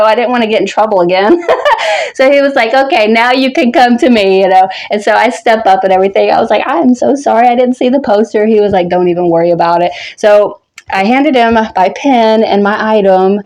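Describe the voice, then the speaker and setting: Animated woman telling a story. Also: mid-range voice. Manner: animated, swears freely, laughs often. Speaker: horror vlogger. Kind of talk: casual storytelling.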